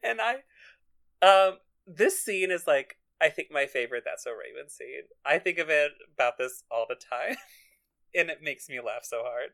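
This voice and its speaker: A woman's voice: sits low, lively intonation, normal speed, fairly bright tone. Woman co-host, casual recap chat, laughs through her retelling. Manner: giggly, laughs often while retelling scenes. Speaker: podcast co-host.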